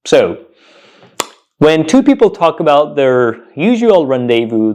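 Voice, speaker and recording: A man teaching English pronunciation, repeating each word slowly and putting questions to his viewers. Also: mid-range voice, darkish tone. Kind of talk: slow, deliberate pronunciation lesson.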